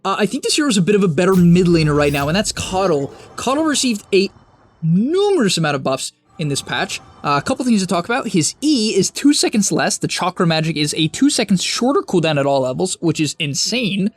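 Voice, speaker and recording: A young man hosting a game strategy guide, talking fast and emphatically with sudden high-pitched bursts, on a close mic. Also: very animated. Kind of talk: energetic strategy guide narration.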